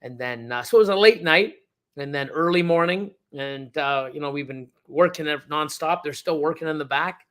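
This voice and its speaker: A man's voice: fairly high pitch, normal speed, fairly bright tone. A middle-aged man hosting a casual livestream, rambling with many fillers and restarts as he reads the chat. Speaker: reptile breeder hosting a livestream.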